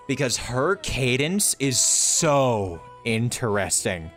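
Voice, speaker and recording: A man's voice: medium pitch, lively intonation, normal speed, fairly bright tone. A man streaming and chatting casually, rambling with lots of fillers. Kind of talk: casual chat. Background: faint music.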